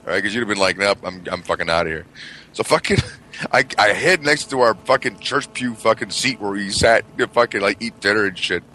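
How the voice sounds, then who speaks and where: A middle-aged man telling a story as a radio show co-host in casual chat, animated and profane, acting out the quoted lines. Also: fairly low pitch, brisk, a little hiss or hum, poor audio.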